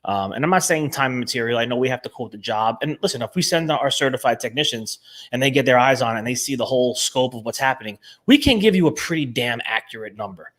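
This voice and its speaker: A man's voice: mid-range voice, animated, fast, a bit bright. A man with a New Jersey accent hosting a casual live show, talking with energy and emphasis and often repeating words. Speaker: show host.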